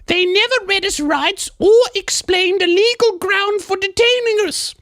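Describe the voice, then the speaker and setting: A man voicing a posh young English woman who wrote in to the show, putting on a high falsetto English accent. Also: measured pace, sharp tone, no echo, full character voice. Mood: prim recounting. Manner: prim, plummy.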